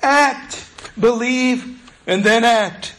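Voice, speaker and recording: A man's voice: extremely high pitch, very slow, fairly bright tone. A male pastor preaching a sermon in a conversational, storytelling way.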